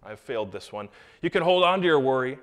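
Talking fast at a medium pitch, a pastor gives a lively sermon. His delivery swings from quiet asides up to loud, raised lines, and he throws jokes at the congregation.

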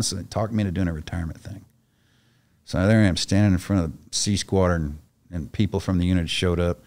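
A man's voice: deep voice, fairly even intonation, quick pace, a little mellow. A middle-aged man, a retired soldier, telling a story as a podcast guest in a blunt, profane, casual way and acting out the other voices in it. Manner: blunt, profane, acts out the voices in his stories.

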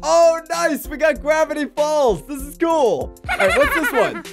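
A man with a strikingly high voice gives giggly, excitable let's-play commentary and talks straight to his viewers. Game music plays clearly behind him. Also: unhurried. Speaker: gaming YouTuber.

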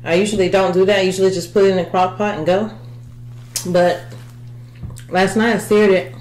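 A woman's voice: mid-range voice, steady tone, fairly quick, darkish tone, reverberant, poor audio. Chatty woman in her fifties. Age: 50s. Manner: chatty, eats while talking, addresses viewers as y'all. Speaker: vlogger. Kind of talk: casual mukbang chat. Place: at home.

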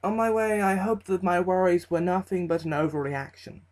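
A man reading a horror story aloud as its narrator, in a slow, measured and ominous delivery. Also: sits high, darkish tone, poor audio.

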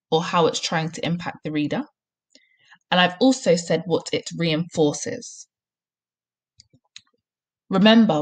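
Primary teacher, husky and lowish, clear and encouraging. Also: female voice. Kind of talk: recorded home-learning lesson and read-aloud.

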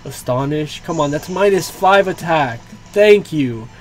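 Slow-talking young man reacting to gameplay. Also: on the high side, lively intonation. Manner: reactive, swearing, frustrated outbursts. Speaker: gaming YouTuber. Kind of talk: live gameplay commentary. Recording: faint game music behind.

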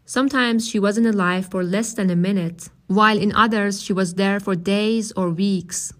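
A woman reads a novel aloud as its narrator. Her delivery is measured and steady, at a middle pitch. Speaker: audiobook reader.

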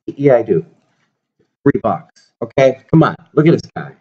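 A man's voice: fairly low pitch, lively intonation, moderate pace, highs cut off. A man vlogging casually to his viewers about his toy collection, rambling and joking. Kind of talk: casual chat to camera.

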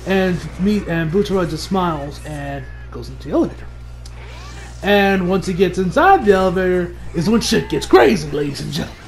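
A man giving a casual, animated episode recap, often laughing and acting out the characters' lines. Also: high voice, fairly quick, faint music behind. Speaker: anime reviewer.

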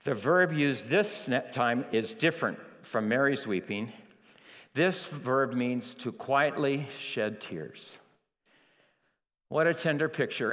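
A man's voice: medium pitch, expressive. Dramatic male preacher in a reverberant church. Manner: dramatic, swinging from quiet near-whispers to shouting; slow, emphatic phrasing with repeated key words. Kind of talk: sermon. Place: church sanctuary. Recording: long reverb of a large church hall.

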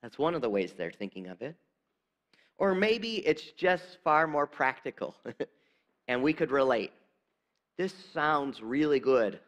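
A male pastor giving a sermon in a church, talking conversationally and dropping to soft, emphatic lines. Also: mid-range voice, animated, measured pace, long pauses. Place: church sanctuary.

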